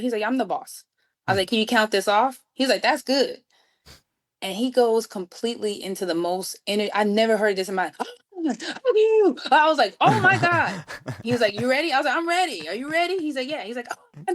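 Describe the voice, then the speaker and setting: A woman from New York City, a guest musician, telling a story with lively acted-out dialogue. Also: medium pitch. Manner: acts out quoted dialogue with lively voices. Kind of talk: animated storytelling.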